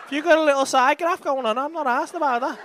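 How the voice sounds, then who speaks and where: A man's voice: very high voice, quick pace, fairly bright tone, slight background noise. A man doing crowd work at a comedy club, bantering with the audience in brash, sweary, teasing talk. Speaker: stand-up comedian.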